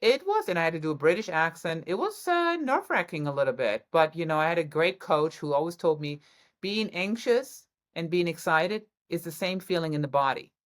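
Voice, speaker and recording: A woman from Germany, a guest actress talking excitedly about her career in a casual interview, with frequent restarts. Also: on the low side, fairly quick.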